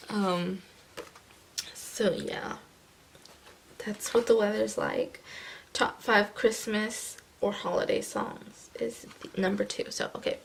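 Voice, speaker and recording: Young woman, crafting vlogger, slow and groggy with a gravelly morning voice, rambly and casual. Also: mid-range voice, fairly even intonation, rough recording. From California. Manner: rambling, with many fillers, slipping into soft murmurs. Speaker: planner vlogger. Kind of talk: casual chat while decorating a planner.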